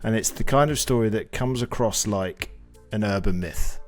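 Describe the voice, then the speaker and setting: A young man, casually telling a story on a podcast, animated and swearing freely as he acts out what people said. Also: lowish voice, moderate pace, faint music behind. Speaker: podcast co-host.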